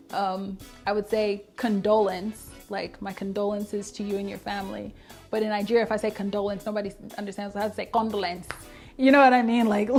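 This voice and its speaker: Young woman, vlogger doing a casual Q&A; talkative, laughs a lot, mid pitch, faint background music. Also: a little mellow. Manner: chatty, laughs often, frequent fillers. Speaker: vlogger answering viewer questions. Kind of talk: casual Q&A vlog.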